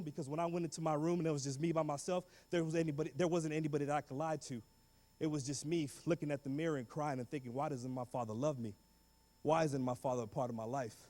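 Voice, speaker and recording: A man speaking as a guest speaker, telling his story in an animated, slangy way and acting out the voices of people in it. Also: a little high. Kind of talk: motivational school talk. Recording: long reverb of a big hall.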